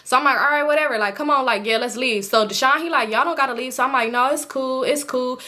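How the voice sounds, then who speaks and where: A young woman telling a casual storytime to her viewers, animated and acting out what her friends said, swearing freely and calling her audience y'all. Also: high-pitched, quick pace. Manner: animated, acts out quotes of friends. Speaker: vlogger.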